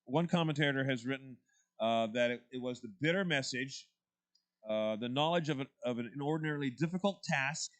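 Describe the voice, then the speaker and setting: A man's voice: medium pitch, fairly quick. A man leading a church Bible study class, talking through the text in a conversational way and putting questions to the group.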